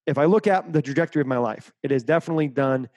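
A man's voice: medium pitch, rapid-fire, a little mellow, no room sound. Middle-aged man, motivational coach guest, punchy, repeats key lines, dry close sound. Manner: emphatic, repeats key phrases. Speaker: guest, mental performance coach. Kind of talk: interview answer, motivational.

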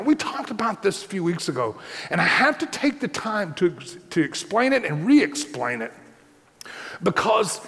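A man's voice: high-pitched, a bit bright. A man preaching a sermon in a conversational way, repeating his points and checking in with the congregation. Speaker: pastor. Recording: long hall reverb.

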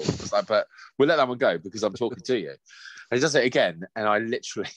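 A man's voice: mid-range voice, normal speed, no echo. A man co-hosting a podcast in casual chat, swearing freely and acting out the quotes in his stories. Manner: lively, swears a lot, acts out quotes. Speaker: podcast co-host.

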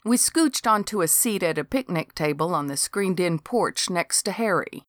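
A woman narrating a novel in a steady, measured storytelling manner. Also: fairly low pitch, dry recording, clean studio sound. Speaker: audiobook narrator. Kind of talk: novel reading.

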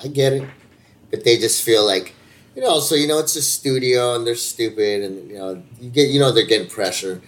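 A man's voice: medium pitch, moderate pace. A man in casual chat, laid-back, laughing often and swearing.

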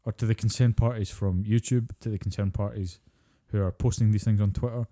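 A man's voice: fairly low pitch, fairly even intonation, a little fast, warm tone. A Scottish man co-hosting a podcast, chatting casually and ranting with plenty of swearing. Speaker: podcast co-host.

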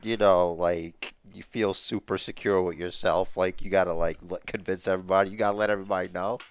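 A man's voice: low voice, fairly even intonation, a little fast, clean tone, no room sound. A man co-hosting a podcast, chatting casually with lots of restarts and jokes. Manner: rambling, joking, many restarts. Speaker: podcast co-host. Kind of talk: casual wrestling chat.

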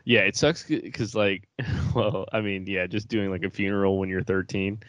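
A young man with a low voice co-hosts a podcast in loose, rambling casual chat. He swears freely and breaks into laughter. The sound is dry and close with no room behind it. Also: steady tone, normal speed, fairly bright tone, no echo. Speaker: podcast co-host.

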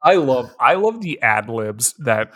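A man's voice: medium pitch, sing-song, unhurried, a bit bright. A man in his twenties co-hosting a podcast, chatting casually about a film, laughing often and swearing freely. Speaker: podcast co-host. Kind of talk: casual chat.

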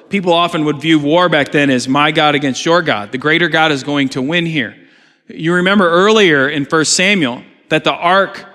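A man's voice: sits high, sharp tone. A man preaching a sermon, reading scripture aloud and then explaining it with earnest questions. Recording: reverberant hall.

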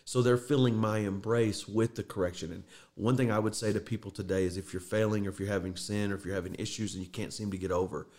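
Brief: middle-aged male podcast host, low voice, earnest, choked up at times. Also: steady tone, quick pace, few pauses, a little mellow. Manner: earnest, emotional storytelling. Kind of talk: casual faith talk.

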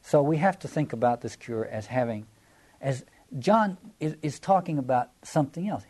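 Mellow-voiced male Bible lecturer. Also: medium pitch. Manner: halting, restarts phrases and repeats words often; reflective, explanatory. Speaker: Bible teacher. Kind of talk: lecture on a scripture passage.

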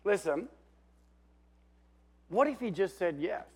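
Aussie pastor, high voice, animated sermon, loud then hushed, asks for amens. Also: male voice, slow pace, breathy edge.

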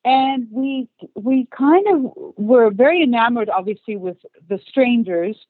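A woman's voice: fairly high pitch, animated, unhurried, no echo. Chatty woman with a light Australian-British accent. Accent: light Australian mixed with British. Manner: chatty, laughs often, many ums. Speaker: actress and producer guest. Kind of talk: casual interview chat. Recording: dry phone-like line.

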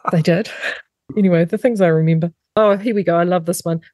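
A middle-aged New Zealand woman hosts a talk radio show, her voice sitting on the low side. She reads listener messages and news items in a steady studio voice. The sound is dry and close, with no room echo. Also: normal speed. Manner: reads listener messages aloud, then conversational asides. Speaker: radio host. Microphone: studio microphone.

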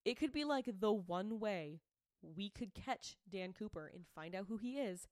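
A woman's voice: medium pitch, measured pace, dry recording, studio quality. Chatty woman retelling a mystery case. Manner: chatty storyteller, animated quoted voices, frequent "like" and "um". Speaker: podcast co-host presenting the case. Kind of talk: casual chat.

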